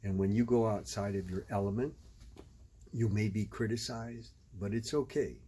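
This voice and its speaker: Low-voiced man explaining calmly. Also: slightly rough. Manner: measured, explanatory, switches between English and Spanish. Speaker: language video host. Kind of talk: casual spoken commentary.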